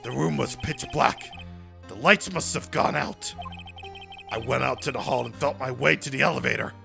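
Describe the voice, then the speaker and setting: A streamer doing a hushed, shaken young prosecutor. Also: normal speed, vocal fry, music in the background. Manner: low, hushed inner monologue. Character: shaken young male prosecutor narrating, subdued. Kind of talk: reading game narration aloud.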